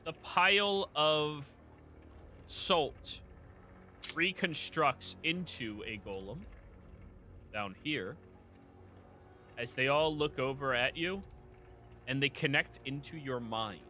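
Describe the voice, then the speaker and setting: A man narrating as the game master of a tabletop game, his voice bright and forward. He sits at an average pitch for a man and moves between scene narration and quick rulings for the players, with light music playing faintly underneath. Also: animated.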